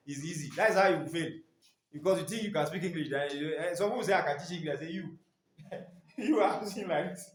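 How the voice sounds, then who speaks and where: A man's voice: on the high side, slight background noise. A man teaching staff in a training session, leaving his sentences open for the class to finish. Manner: quizzing listeners with fill-in questions. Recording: echoey room.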